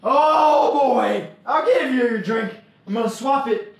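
Brash, high-voiced gamer man. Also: lively intonation, normal speed, heavy reverb, low-quality recording. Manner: brash, loud, trash-talking. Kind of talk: comedic VR let's play.

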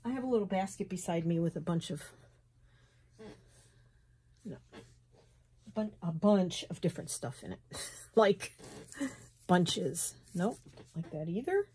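Craft vlogger, middle-aged woman, slight Southern lilt, husky, warm and unhurried, thinks out loud. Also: on the low side, lively intonation. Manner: chatty, thinks aloud while crafting, frequent soft laughs. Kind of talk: casual craft tutorial chat. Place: home sunroom, indoors.

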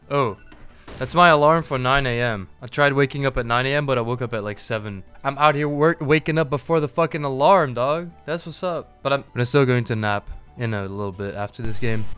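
A man's voice: medium pitch, a bit bright, clean tone. A young man streaming a shooter from home, joking loosely and swearing as he plays into a desk mic. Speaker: gaming streamer. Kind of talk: casual gameplay commentary.

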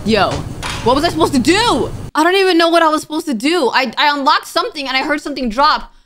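A woman commenting on a video game as she plays, joking and reacting loudly to scares. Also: sits high, animated, fast talker, a little hiss or hum. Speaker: gaming streamer. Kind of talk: let's play commentary. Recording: game music behind the voice. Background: game music.

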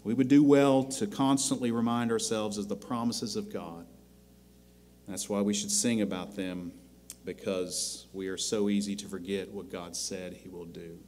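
Slow, deliberate male preacher. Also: lowish voice, slight background noise. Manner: slow, deliberate preaching that swells loud on scripture. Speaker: pastor. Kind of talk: sermon. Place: church sanctuary.

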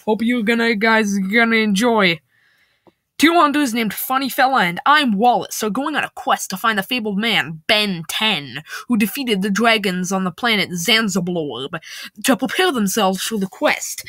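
A man's voice: high voice, lively intonation, moderate pace, pushed and bright, dry recording. A man hosting a casual, comedic read-aloud of a story, in a playful, stumbling way. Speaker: host reading an AI story aloud.

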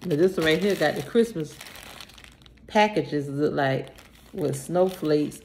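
Chatty woman vlogger, low slow voice. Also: a little mellow, slight background noise. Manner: chatty, talks to herself, sighs, drawn-out greetings. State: a little out of breath. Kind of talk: casual unboxing chat.

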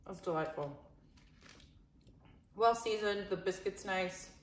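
A woman's voice: medium pitch, takes it slowly, a little hiss or hum. Casual woman, playful and laughing, food-review chat in a roomy room. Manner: chatty, laughs often, playfully dramatic. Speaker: co-host taste tester.

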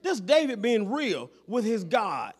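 A man's voice: high-pitched, big pitch swings, measured pace, slightly rough. A man preaching a sermon as pastor in a church, constantly checking in with the congregation and repeating his phrases.

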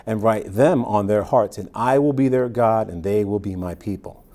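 A man with a fairly low voice and a dark, mellow tone teaches from scripture as a pastor. He reads verses at a deliberate pace and breaks off into easy, conversational explanations. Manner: reads scripture slowly, then explains in plain, conversational asides. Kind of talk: Bible teaching sermon.

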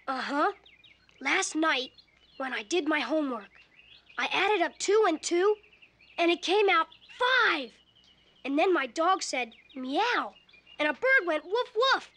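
A worried, earnest little schoolboy from a 1960s cartoon, his voice high and bright. He tumbles out his fears breathlessly, eager to please. His pitch swoops up and down. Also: animated, takes it slowly, pauses often, full character voice. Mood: anxious. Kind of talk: 1960s animated musical.

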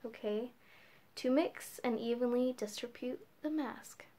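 Slow, chatty, giggly teen girl vlogger. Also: fairly high pitch, dark tone. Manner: giggly, chatty, lots of "like" fillers. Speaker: beauty vlogger. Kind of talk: casual vlog chat.

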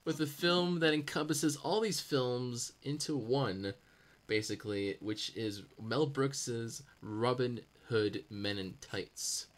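A man's voice: medium pitch, slow pace. A man in casual movie chat, relaying behind-the-scenes trivia matter-of-factly. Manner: matter-of-fact, shares film trivia.

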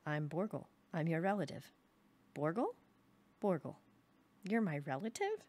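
A woman's voice: lowish voice, huge pitch swings, measured pace, darkish tone, exaggerated voice. A woman voicing a blunt, cheerful old man of 111 with an old-country accent, speaking in a matter-of-fact way. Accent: put-on old-country accent.

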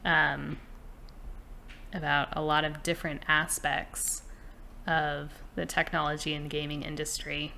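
A young woman co-hosting a gaming podcast in casual chat, speaking in a measured, reflective way with soft fillers. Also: low-pitched, little pitch movement, vocal fry, a little hiss or hum. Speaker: podcast co-host.

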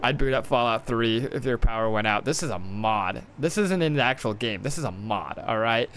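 A man's voice: mid-range voice, moderate pace, a bit bright, a little hiss or hum. A man reading a storybook aloud on a live game stream, swearing and joking between stumbling lines. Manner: profane, joking asides, stumbles and restarts. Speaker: gaming streamer.

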